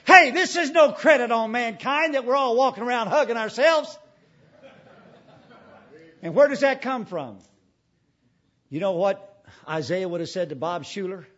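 A man preaching a sermon emphatically, asking repeated rhetorical questions and swinging between loud and hushed delivery. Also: very high-pitched, unhurried, long pauses, lo-fi sound.

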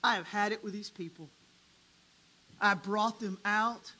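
A preacher voicing God as a weary, stern figure who speaks slowly and with authority. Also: medium pitch, sharp tone, voice pushed down, rough recording. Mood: fed up.

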